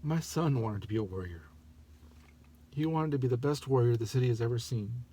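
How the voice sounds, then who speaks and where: A man voicing a grieving middle-aged father, speaking gently and regretfully in a soft, earnest tone. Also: medium pitch, a little fast, husky. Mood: sorrowful.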